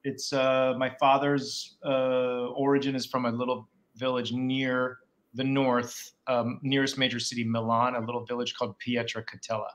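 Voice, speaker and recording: A man's voice: mid-range voice, little pitch movement, moderate pace, a bit bright. A middle-aged man from Pennsylvania, a guest actor chatting playfully over a video call. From Pennsylvania, USA. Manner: playful, joking. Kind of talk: casual interview chat.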